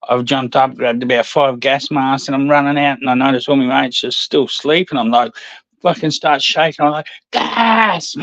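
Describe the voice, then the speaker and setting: A man's voice: medium pitch, steady tone, normal speed, fairly bright tone, dry recording, lo-fi sound. A man in casual chat, a rambling storyteller who swears a lot and laughs often.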